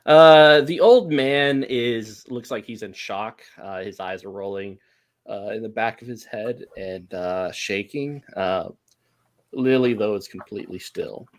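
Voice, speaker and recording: A man as game master, describing a grim scene in an unhurried way with many fillers. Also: on the low side. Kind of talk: narrating a tabletop horror game.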